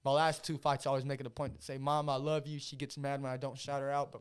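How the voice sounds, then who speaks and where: A man's voice: medium pitch, level tone, fast, clear, resonant tone. A man in his twenties hosting a casual podcast chat, talking in a profane, hyped-up, rambling way. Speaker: podcast host and amateur fighter.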